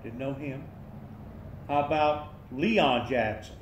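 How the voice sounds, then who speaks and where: A man's voice: mid-range voice, slow pace. A man, asking questions in a casual chat and arguing his points with rising energy. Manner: talkative, opinionated, speeds up when arguing. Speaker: interviewer asking about local history. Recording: roomy room with faint noise.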